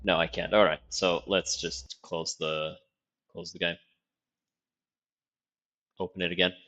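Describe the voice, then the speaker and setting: A man giving loose, profane commentary while streaming a video game, thinking out loud as he plays. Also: deep voice, level tone, a little slow. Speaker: gaming streamer. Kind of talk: casual gameplay commentary.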